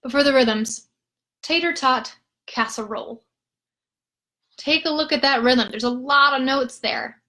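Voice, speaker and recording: A woman's voice: sits high, moderate pace, pushed and bright, low-quality recording. A woman with a Minnesotan accent, a music therapist, leading a live-streamed rhythm lesson and patiently counting in and chanting food words as beats.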